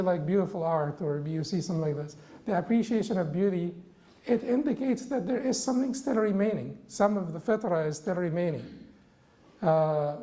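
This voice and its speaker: A man giving a religious classroom lecture, halting with frequent restarts and rhetorical questions. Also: high voice, warm tone, reverberant, low-quality recording.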